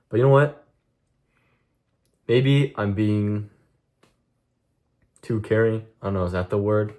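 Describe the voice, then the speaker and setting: A man's voice: lowish voice, darkish tone. A young man streaming a blunt, profane monologue to his chat, venting intensely about discipline and cutting things out. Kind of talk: casual vlog monologue to chat.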